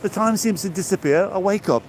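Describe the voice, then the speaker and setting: A man's voice: sits high, a little fast, a little hiss or hum. Chatty man in his sixties walking outside. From England. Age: 60s. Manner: chatty, rambling, greets viewers by name. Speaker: vlogger live-streaming a walk. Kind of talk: casual chat to live viewers. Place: outdoors on a seaside promenade, walking.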